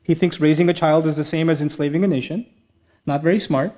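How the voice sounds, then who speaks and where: A middle-aged man gives a talk to a live audience in a large mosque hall. His voice sits fairly high, and he tells his stories in an animated way, slipping in jokes and laughs as he goes. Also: quick pace. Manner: animated storytelling with humor and laughs. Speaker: speaker giving an Islamic talk. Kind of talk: lively lecture to a live audience.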